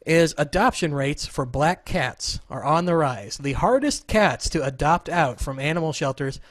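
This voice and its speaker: A man's voice: on the high side, animated, moderate pace, no room sound. A man in his thirties hosting a casual show over a video call, joking and rambling. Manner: joking, rambling, self-deprecating. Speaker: podcast host.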